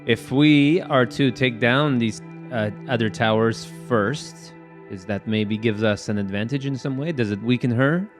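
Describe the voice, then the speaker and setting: A man playing a tabletop fantasy game, asking questions and chatting in an easygoing, casual way with the group. His voice sits at a middling pitch, with faint music behind it. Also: measured pace. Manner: inquisitive, easygoing. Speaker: player.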